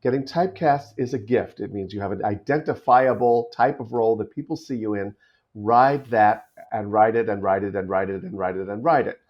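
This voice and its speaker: A man's voice: lowish voice, brisk. Thoughtful middle-aged man on a dull line. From United States. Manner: thoughtful, many restarts and repeated words. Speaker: guest actor. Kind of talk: podcast interview conversation. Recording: dull lo-fi audio.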